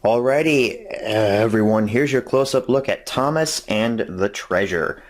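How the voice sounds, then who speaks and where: A man's voice: lowish voice, a little slow, soft background music. A man hosting his own review videos, talking in a casual, upbeat way and rambling with fillers as he walks through a product. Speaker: host of a video review series.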